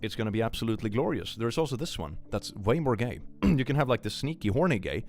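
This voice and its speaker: Animated joking male streamer. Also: medium pitch, quick pace. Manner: animated, joking, laughs often. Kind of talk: casual live-stream chat.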